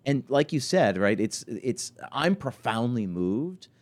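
A man in his forties, a podcast host who also works as a restaurant consultant, speaks slowly in a mid-range voice. In a conversational interview he tells stories animatedly, with frequent restarts and fillers.

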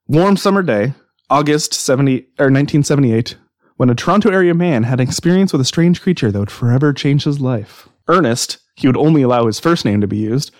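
A man's voice: mid-range voice, darkish tone, no echo. Dry-sounding man reading a story. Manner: laughs often, reads with dramatic pauses. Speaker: podcast host. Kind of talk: casual chat, reading a story aloud.

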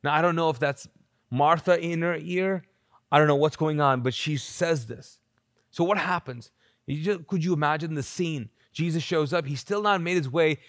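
Guy preaching live, kinda high voice, lively and chatty, really dry close sound. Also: normal speed, dry recording. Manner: animated, conversational preaching with quoted asides and repeated restarts. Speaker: pastor. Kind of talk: sermon. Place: church auditorium, live.

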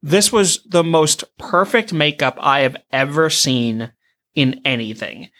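A woman with a low but bright, forceful voice in a casual movie-review chat. She talks emphatically, swears a lot and restarts her sentences often. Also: takes it slowly.

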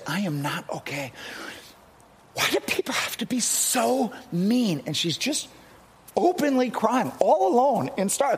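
A man's voice: extremely high pitch, breathy edge. A middle-aged male pastor telling a personal story in an earnest sermon, often restarting his sentences.

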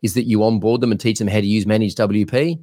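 Blunt, rambling man, low voice. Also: quick pace. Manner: energetic, blunt, rambling with fillers. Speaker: podcast co-host and business coach. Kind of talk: casual podcast chat, coaching advice.

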